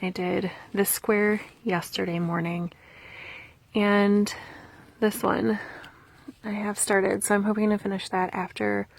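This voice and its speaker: A young woman vlogging about crafts and a gift package, gushing with excitement and dropping from soft whispers to squeals. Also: mid-range voice, slow pace, gravelly, pauses often, slight background noise. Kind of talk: casual vlog, showing crafts.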